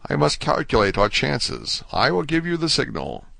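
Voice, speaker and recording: A man voicing a cautious older male prisoner, speaking low, quiet and measured in an audiobook reading. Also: sing-song, gravelly, no echo, exaggerated voice. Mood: grave.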